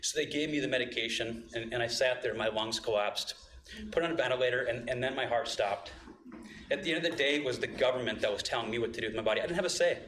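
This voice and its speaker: A man giving an impassioned, emotional public comment at a board meeting, rising to loud, emphatic outbursts. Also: medium pitch, fast talker, echoey room.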